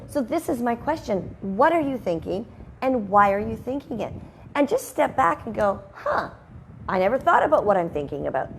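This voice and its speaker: A woman's voice: fairly high pitch, a little mellow, a little hiss or hum. Chatty rambling woman hosting a home talk. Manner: chatty, rambling, with sidebars and laughs. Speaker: host. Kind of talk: casual motivational talk. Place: her home. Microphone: headphones and microphone at a video call setup.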